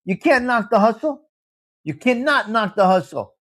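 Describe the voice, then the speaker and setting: A live show host with a New York accent runs a casual live-stream chat, blunt and opinionated, repeating himself for emphasis and dropping in Italian phrases. His voice sits high and is animated and a bit bright, at a normal speed.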